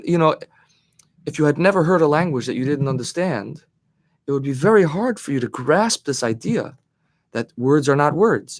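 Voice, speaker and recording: A man teaching a Torah class as its rabbi, thinking aloud, often restarting phrases and leaning hard on key words. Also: mid-range voice. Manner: thoughtful, searching for words, emphatic on key phrases; answers questions from the class.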